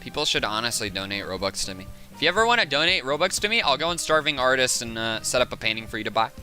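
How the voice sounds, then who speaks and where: A man's voice: medium pitch, sing-song, quick pace, bright, forceful tone, faint music behind. A young man from the Southern United States with a Southern accent, chatting casually and rambling during a live game stream. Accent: Southern American. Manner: rambling, chatty, laughs often.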